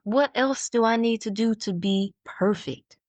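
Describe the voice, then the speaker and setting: A woman's voice: on the high side, a little slow, a little mellow, no room sound, lightly acted. A boastful rich young man, as a woman retells him. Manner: self-satisfied, listing his merits. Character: boastful wealthy young man seeking praise.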